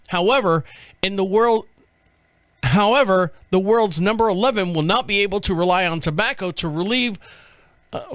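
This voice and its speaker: A man's voice: high voice, a bit bright, no echo. A male podcast host giving loose, rambling commentary and swearing freely. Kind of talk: casual commentary.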